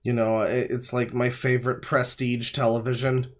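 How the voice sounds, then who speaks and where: A man's voice: medium pitch, flat delivery, moderate pace. A man hosting a livestream, giving casual reaction commentary on a video with rambling, sarcastic and profane riffs.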